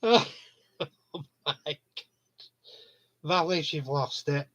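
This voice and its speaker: A man's voice: on the high side, animated, slow pace, a bit bright. A man chatting casually on a live stream, telling rambling stories with frequent chuckles. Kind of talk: casual chat with viewers.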